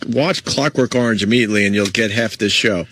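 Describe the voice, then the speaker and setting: A man's voice: fairly low pitch, a little fast, a bit bright, a little hiss or hum. A man hosting a radio talk show, bringing on callers and laughing along with the banter.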